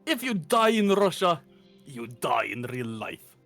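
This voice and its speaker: Guy doing a fake eastern european accent, jokey russian man, slow and bouncy. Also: fairly high pitch, sing-song, fairly bright tone, faint music behind, exaggerated voice. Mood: mock grave. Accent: put-on Eastern European.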